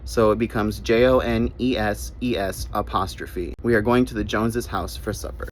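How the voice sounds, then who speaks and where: Low-voiced man teaching English grammar. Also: steady tone, normal speed, a little hiss or hum, low-quality recording. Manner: spells words out letter by letter, repeats key points. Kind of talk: short grammar lesson.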